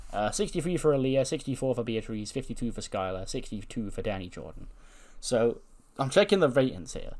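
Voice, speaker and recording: A man's voice: mid-range voice, fairly bright tone. A man casually narrating a wrestling simulation playthrough, rambling with fillers. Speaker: game commentator.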